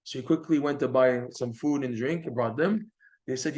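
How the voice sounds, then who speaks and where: A man teaching a Torah class, telling a story in a lively way and acting out the quoted dialogue. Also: normal speed. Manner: animated, acts out quoted dialogue with raised pitch. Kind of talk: storytelling lecture.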